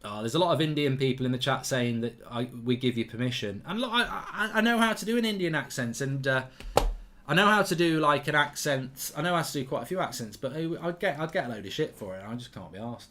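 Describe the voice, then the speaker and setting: A man's voice: medium pitch, lively intonation, fast talker, sharp tone, a little hiss or hum. A man hosting a live football watchalong, chatting bluntly and reading out viewer comments. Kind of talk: casual live-stream chat and commentary.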